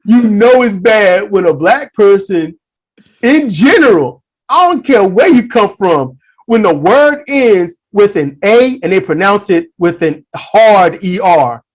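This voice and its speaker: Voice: medium pitch, expressive, slow. A podcast host in a casual discussion, talking emphatically, with frequent restarts and repeated words.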